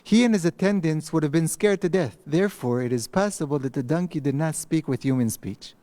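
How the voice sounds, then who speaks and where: A man, giving a recorded text lecture in an empty study hall, speaking thoughtfully with pauses and restarts. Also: fairly high pitch, warm tone. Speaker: rabbi teaching a text class. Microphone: microphone.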